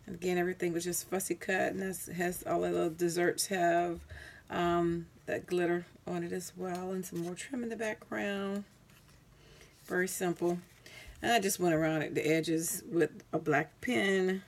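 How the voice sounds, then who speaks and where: In a steady, gravelly, lowish voice at a moderate pace, a woman shows off her crafts. It's a laid-back, meandering home vlog on a camera mic, and she sounds weary, stumbling into ums and self-corrections.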